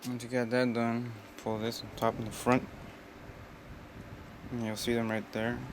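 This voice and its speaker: A man casually walking through a hands-on how-to, giving plain, unhurried step-by-step instructions. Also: mid-range voice, completely flat delivery, noisy background. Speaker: tutorial presenter.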